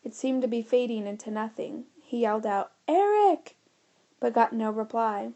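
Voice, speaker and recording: A woman's voice: on the high side, level tone, a little fast, dark tone, dull audio. Woman narrating a children's audiobook. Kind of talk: scripted narration.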